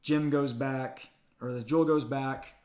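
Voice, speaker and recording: A man reviewing a movie in a casual spoken recap, retelling the plot in an excited, chatty way with quick restarts. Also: mid-range voice.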